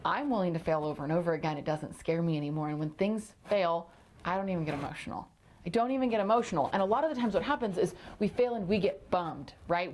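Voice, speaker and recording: A woman's voice: fairly low pitch, a little mellow. Emphatic woman podcast host. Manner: emphatic, repeats phrases for punch. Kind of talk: motivational solo podcast talk.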